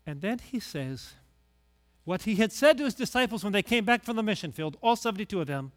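A middle-aged male pastor giving a conversational sermon, sinking to hushed low tones and rising to loud emphasis. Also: sing-song, brisk.

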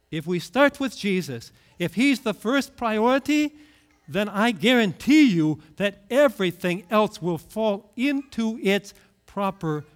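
A middle-aged male pastor with a high voice preaches a sermon, telling stories in an animated way and acting out the characters with lively voices.

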